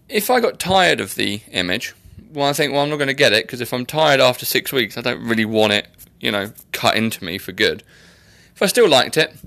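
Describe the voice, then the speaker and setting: A young man talks his way through a casual solo podcast, rambling and poking fun at himself. His voice sits at an ordinary middle pitch. The sound is close and dry. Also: vocal fry, fairly bright tone, no room sound. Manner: chatty and rambling, self-mocking. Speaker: podcast host.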